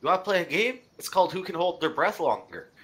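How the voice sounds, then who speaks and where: A beefy brute who grins as he makes a cheerful, mocking threat, as a man player puts him on. The voice rises high and sounds bright in a tabletop game. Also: very animated, fast. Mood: taunting. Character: grinning beefy male brute, playful menace.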